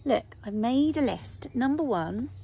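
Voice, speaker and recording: A woman voicing a bossy, pompous male badger in a children's story, loud and high. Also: animated, a little slow, gravelly, slight background noise.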